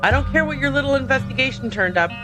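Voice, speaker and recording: A woman voicing a stubborn, gruff old male hunter who grumbles and curses while reading a game aloud. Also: sits high, lively intonation, quick pace, over music, voice pushed up. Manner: grumbling, blunt, cursing.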